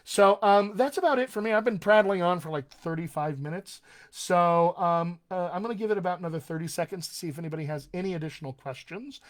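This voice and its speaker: A man working as a dialect coach, talking casually on a live-streamed Q&A, chatty with many fillers and restarts. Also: sits high.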